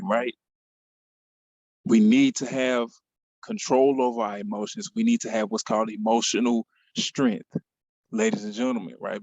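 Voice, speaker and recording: A man's voice: mid-range voice, creaky, a little mellow, dry recording, lo-fi sound. Man giving a motivational talk online. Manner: conversational, repeats phrases for emphasis, asks "right?".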